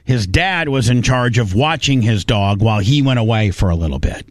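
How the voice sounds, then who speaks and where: A man's voice: mid-range voice, expressive, normal speed, dry recording, clean studio sound. A man hosting a casual chat, reacting to videos and retelling stories with lots of restarts. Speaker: host.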